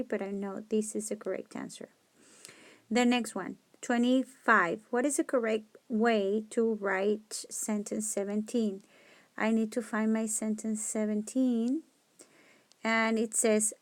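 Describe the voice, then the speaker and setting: A woman teacher talks slowly through test questions, rereading each sentence and thinking aloud as she corrects herself. Her voice sits a little high. The recording is close and dry, with no room sound, as if captured on a tablet. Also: no room sound. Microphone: screen-recording mic on a tablet.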